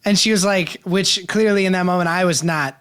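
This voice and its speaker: A man's voice: high voice, fairly even intonation, fairly quick, fairly bright tone, clean tone. A man in his thirties co-hosting a podcast, talking candidly and with self-deprecation in casual chat. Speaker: podcast co-host.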